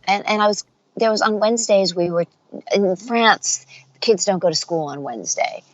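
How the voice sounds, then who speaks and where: At a medium pitch and moderate pace, with the highs cut off, a middle-aged woman—voice actor and dialect coach—shares anecdotes in a casual interview. She tells them with animation, acting out each quoted voice.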